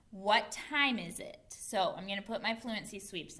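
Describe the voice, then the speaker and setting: A woman's voice: mid-range voice, normal speed, hardly any pauses, bright, forceful tone. A young woman teacher giving a patient, carefully enunciated phonics lesson to young children. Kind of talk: early-grade phonics lesson.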